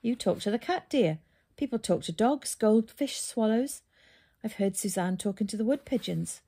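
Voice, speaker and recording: A woman plays a calm, dry grown woman who answers with gentle teasing and patience. Her voice is mellow and slightly husky, a storybook role. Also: mid-range voice, moderate pace, voice pushed up.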